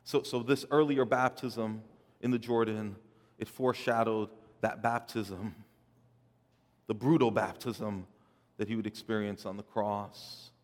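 A man preaching a sermon, swelling loud and dropping soft, often repeating words as he builds a point. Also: fairly low pitch, steady tone, unhurried, long reverb tail. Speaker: pastor.

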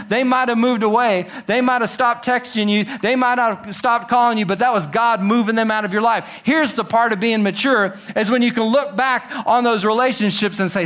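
A man preaching a sermon, animated, acting out quotes with exclamations and dropping to slow, soft emphasis on key lines. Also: high voice. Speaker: pastor.

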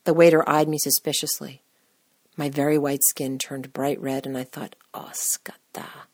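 A woman's voice: deep voice, level tone, normal speed, darkish tone, no room sound, clean studio sound. A woman from the United States hosting a podcast, reading a scripted personal story with wry, self-deprecating humor. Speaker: podcast host.

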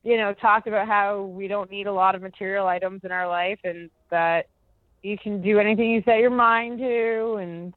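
A woman's voice: mid-range voice, fairly even intonation, moderate pace, dry recording. A young woman telling a story in a casual phone interview, rambling and filler-heavy, using lots of "like". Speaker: interview guest. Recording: tinny dry phone line.

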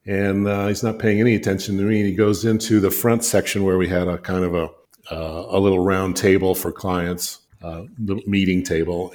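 A man's voice: sits low, darkish tone. An older man, a guest designer and author, telling stories in a rambling, chuckling way with many fillers. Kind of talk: anecdotal storytelling in conversation.

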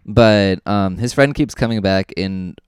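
A man co-hosting a podcast, chatting casually about a horror film in a rambling, self-correcting, animated way. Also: lowish voice, unhurried, smooth, no room sound. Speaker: podcast co-host. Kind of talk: casual film review chat.

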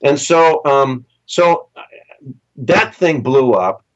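Animated storytelling man, lo-fi sound. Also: takes it slowly. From Southern California. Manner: animated storyteller, acts out quoted voices with big pitch jumps. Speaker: session musician guest. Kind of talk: casual storytelling interview.

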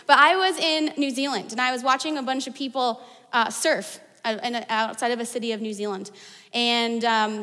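A woman's voice: on the high side, a bit bright, in a large hall. A woman pastor from the United States preaching a sermon in a chatty, storytelling way. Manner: conversational, storytelling with fillers like "like".

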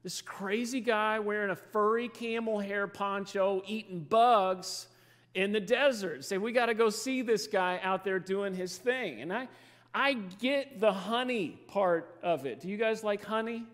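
Man, thirties, high voice, playful storytelling preacher, long hall reverb. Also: unhurried, a bit bright. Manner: storytelling, playful, chatty with the audience. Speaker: guest preacher. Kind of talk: humorous sermon to a congregation.

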